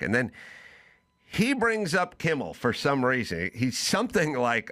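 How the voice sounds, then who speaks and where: Animated man telling a comic story. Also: mid-range voice, normal speed. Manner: acts out both sides of conversations, rising to excited shouts. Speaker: podcast host.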